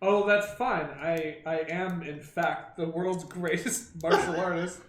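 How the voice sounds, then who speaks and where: A man playing a tabletop game, tossing out quick jokes. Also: a little high, steady tone, reverberant. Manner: joking, quick quips. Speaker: player. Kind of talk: casual tabletop game play.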